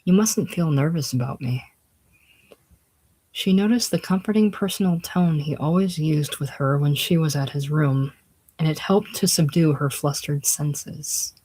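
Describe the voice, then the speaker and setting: A casual reader narrating a classic novel aloud in a plain, unhurried way, dropping lower and quieter on speech tags. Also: poor audio. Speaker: audiobook reader.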